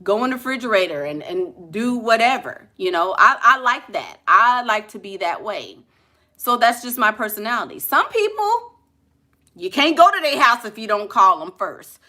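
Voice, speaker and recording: Woman, New Orleans accent, sassy and blunt, bright forceful voice, casual advice talk. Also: medium pitch, moderate pace. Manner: sassy, blunt, colloquial, animated asides. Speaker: relationship coach.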